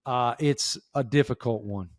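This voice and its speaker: A middle-aged man with a Southern Appalachian accent, chatting as a podcast guest and telling stories in a lively, folksy way. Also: mid-range voice, unhurried, dry recording, studio quality. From southwestern Virginia. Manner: animated storyteller, folksy drawl. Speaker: guest, sports reporter. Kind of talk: casual podcast chat.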